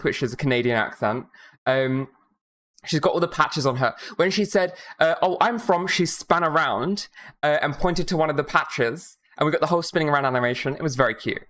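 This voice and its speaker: A streamer from Minnesota giving casual, rambling commentary while playing a game, swearing often and tossing in quick asides. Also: medium pitch, a bit bright.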